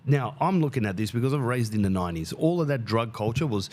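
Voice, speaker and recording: Animated man telling a story. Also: medium pitch, quick pace. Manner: animated, swears freely, acts out quoted people. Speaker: podcast host. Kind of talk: casual storytelling monologue.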